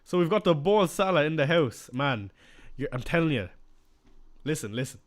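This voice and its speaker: A man's voice: a little high, expressive, normal speed. A young man chatting casually on a live stream, reading out and answering viewer questions as he goes.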